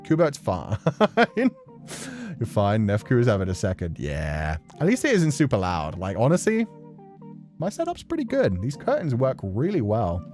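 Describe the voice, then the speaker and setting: A man's voice: mid-range voice, wildly swooping pitch, a little slow, darkish tone, soft background music. A man streaming from his apartment, chatting casually and laughing often while he plays a game. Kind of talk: casual live-stream commentary while reading a game aloud. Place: home apartment.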